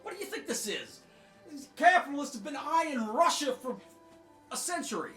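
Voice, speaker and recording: Man, mocking commentary, lively swooping pitch, roomy echo, faint music behind. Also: normal speed. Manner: sarcastic, mocking, swinging loud to soft. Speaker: political commentator. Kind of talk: sarcastic commentary over clips.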